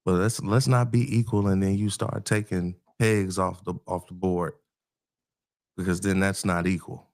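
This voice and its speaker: Slangy low-voiced man hosting. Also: steady tone, moderate pace, no room sound, clean studio sound. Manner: slangy, loose and joking. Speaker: podcast host. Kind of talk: casual group talk.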